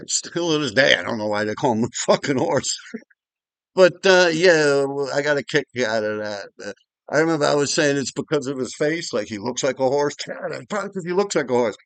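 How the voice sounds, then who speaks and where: A man's voice: mid-range voice, lively intonation, normal speed, no room sound. A man, telling neighborhood stories in a rambling, profane, casual way. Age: 50s. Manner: rambling and profane, with frequent restarts and asides. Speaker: vlogger storyteller. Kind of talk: casual storytelling.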